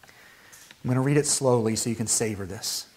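A man preaching a sermon as pastor, with animated delivery that climbs to high, emphatic peaks. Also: normal speed.

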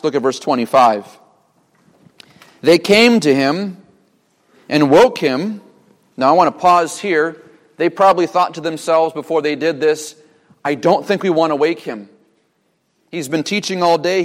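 A man's voice: on the high side, big-room sound. A young man preaching a sermon from the pulpit, asking the congregation rhetorical questions. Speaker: pastor. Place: church sanctuary.

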